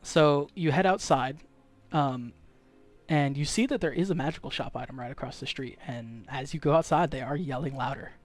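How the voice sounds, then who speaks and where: A man's voice: mid-range voice, normal speed, soft background music. A young man narrating as game master for a tabletop game, in a casual way with many fillers.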